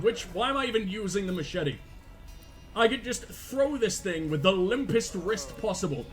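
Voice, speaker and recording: A man commentating on his own video game play, loud, sweary and self-mocking, breaking into panicked yells during fights. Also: sits high, lively intonation, normal speed, faint music behind. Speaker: gaming channel host.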